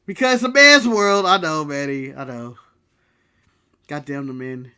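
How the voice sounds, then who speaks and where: A man's voice: fairly high pitch, very animated, unhurried, bright, forceful tone, smooth. A man from the United States co-hosting a casual wrestling recap podcast, ranting and joking in a brash way. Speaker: podcast co-host.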